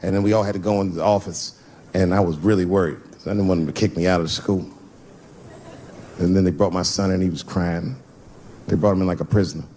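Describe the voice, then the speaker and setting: A middle-aged man from the United States telling a long stand-up story to a live audience, jumping into high squealing voices for his characters. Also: steady tone, fast talker, dark tone. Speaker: stand-up comedian. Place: large live venue with laughing audience. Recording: noisy live stage recording.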